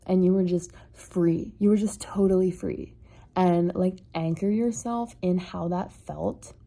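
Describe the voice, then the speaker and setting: A woman vlogger giving an earnest, soft-spoken reflective monologue, peppered with "like" and "kind of". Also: mid-range voice, gravelly.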